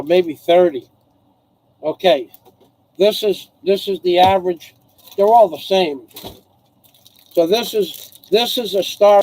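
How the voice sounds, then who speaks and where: A man with a rather high voice talks slowly and loosely to his live-stream viewers from home, pausing to thank donors and read their names aloud. He sounds hoarse, as if his voice is wearing out, and he rambles from one thing to the next. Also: dark tone, low-quality recording. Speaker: livestream host. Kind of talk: casual live-stream chat.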